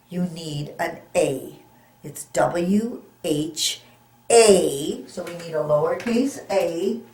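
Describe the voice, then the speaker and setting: A reading teacher gives a phonics lesson to young children, sounding out each letter of simple words and praising them often. Her voice sits on the low side with a darkish tone, and she speaks very slowly, patiently and encouragingly. A roomy echo surrounds her, with slight background noise.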